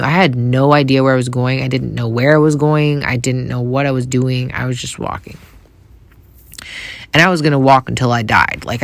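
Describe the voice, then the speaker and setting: A woman from Canada hosting a podcast, telling a personal story in a soft, reflective way with many hesitations. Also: rumbling low, gravelly, dry recording. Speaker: podcast host.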